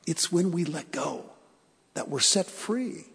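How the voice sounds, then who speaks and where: A man's voice: a little high, lively intonation, slow, vocal fry, husky, long reverb tail. A male pastor preaching a sermon in an earnest way, repeating phrases for emphasis and asking his congregation questions.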